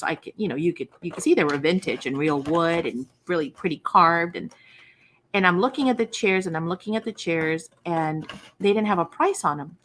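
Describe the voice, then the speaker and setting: A woman's voice: on the low side, lively intonation, a little fast, a bit bright, a little hiss or hum. A middle-aged woman hosting a craft livestream, chatting casually and acting out the voices in her stories with folksy, self-deprecating asides. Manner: chatty storyteller acting out quoted dialogue. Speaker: craft channel host.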